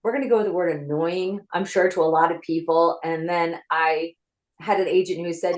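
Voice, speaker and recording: Her voice on the low side and brisk, a screenwriter who once acted tells her story in an interview. She's chatty and animated, calling in by video from her home office on a rough recording.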